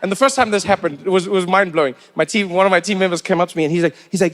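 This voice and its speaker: A South African man doing stand-up, his voice sitting high. He tells stories with lively energy and slips into other people's voices along the way. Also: rapid-fire, few pauses. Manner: animated storytelling, acts out other people's voices. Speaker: stand-up comedian. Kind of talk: stand-up comedy.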